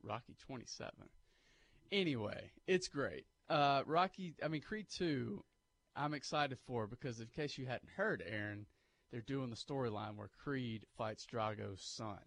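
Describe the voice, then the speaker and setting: A man, co-hosting sports talk radio on a studio mic, animated and pushing emphatic hot takes. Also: mid-range voice, measured pace, vocal fry. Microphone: studio microphone.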